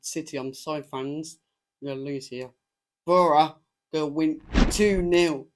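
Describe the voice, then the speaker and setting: A man's voice: fairly high pitch, steady tone, a little slow. A man with an English accent eagerly giving football predictions in casual chat, with short enthusiastic replies.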